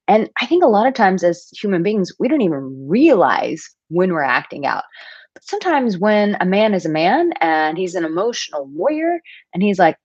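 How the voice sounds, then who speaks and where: A woman in her thirties, a dating coach, talking casually to camera with animated storytelling and playful asides. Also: mid-range voice, normal speed, no room sound, muffled recording. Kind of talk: casual advice talk to camera.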